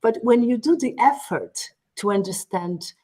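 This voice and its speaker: A middle-aged woman from Portugal with a Portuguese accent, a native Portuguese speaker answering interview questions in English, expressive and prone to restarts. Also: a little high, a little slow. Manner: warm, expressive, with frequent restarts and laughs. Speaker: guest, media training executive.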